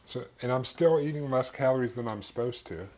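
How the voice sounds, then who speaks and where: A man streams from his home kitchen and talks his way through meal prep in a loose, rambling style that keeps breaking off and picking back up. His voice sits at an ordinary middle pitch. Faint clatter of dishes and cutlery carries on behind him. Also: fairly quick, darkish tone, slight background noise. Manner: rambling, self-interrupting storyteller. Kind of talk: casual chat while cooking.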